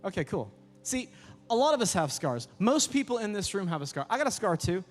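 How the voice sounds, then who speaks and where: A man, preaching a youth sermon and telling stories with lively acted-out voices. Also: high voice, a little fast. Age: 30s. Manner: lively storytelling, acts out voices. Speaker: youth pastor. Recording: echoey hall with music behind.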